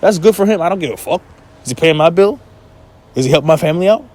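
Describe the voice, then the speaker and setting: A man's voice: a little high, animated, quick pace, darkish tone. A man ranting to his viewers in a blunt, profane, heated way, giving life advice. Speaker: vlogger. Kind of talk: casual rant to camera.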